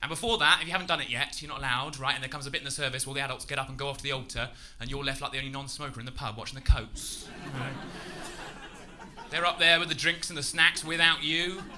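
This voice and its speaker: A man's voice: medium pitch, steady tone, fast. A young man with a Lincolnshire accent doing a chatty, self-mocking stand-up set on a comedy club stage. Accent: Lincolnshire English. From England. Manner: chatty, self-mocking, with loud shouted bursts. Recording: live club recording with crowd noise.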